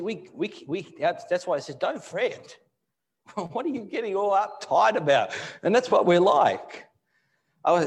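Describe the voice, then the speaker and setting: A male pastor giving a live sermon in church, moving between loud emphatic bursts and low, quiet asides. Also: husky. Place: church hall.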